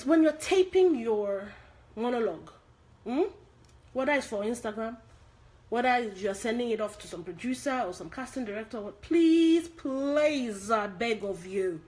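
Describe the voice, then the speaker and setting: A woman with a fairly high voice gives acting tips on a casual live stream. She pleads and repeats herself for emphasis, jumping louder on her key points.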